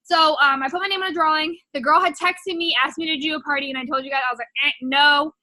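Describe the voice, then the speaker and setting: Chatty high-voiced young woman. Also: racing, pushed and bright, dry recording. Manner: chatty, rambling, heavy filler words. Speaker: network marketing distributor. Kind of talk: casual personal testimony.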